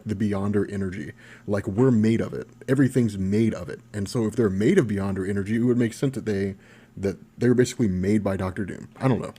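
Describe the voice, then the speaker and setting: A young man hosting a casual live stream Q&A about comics, chatty and quick to laugh, reading viewer questions aloud. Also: medium pitch, mellow, slightly rough. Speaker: comics channel host.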